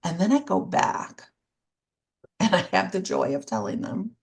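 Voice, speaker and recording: Candid, lively woman podcast co-host. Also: mid-range voice, measured pace, vocal fry. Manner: candid and self-deprecating, with dry sarcasm. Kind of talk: casual chat.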